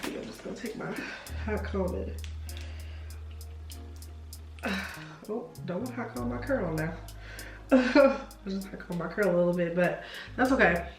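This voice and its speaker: A woman's voice: medium pitch, moderate pace, reverberant, soft background music. A young woman chatting through a hair tutorial, gushing and chatty, saying y'all a lot. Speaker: beauty vlogger. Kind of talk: casual hair tutorial chat.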